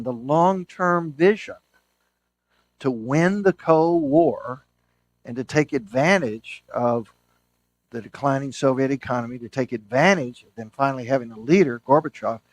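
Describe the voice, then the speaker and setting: Enthusiastic man telling stories in a lecture. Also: mid-range voice. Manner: enthusiastic storyteller, self-correcting restarts. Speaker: historian and author giving a book talk. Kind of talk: lecture with anecdotes.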